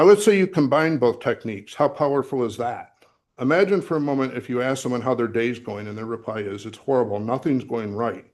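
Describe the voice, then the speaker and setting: A man's voice: mid-range voice, darkish tone. A middle-aged man giving a sermon as associate minister, talking in a conversational way with fillers and restarts, recorded in a church sanctuary. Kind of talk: sermon with personal story.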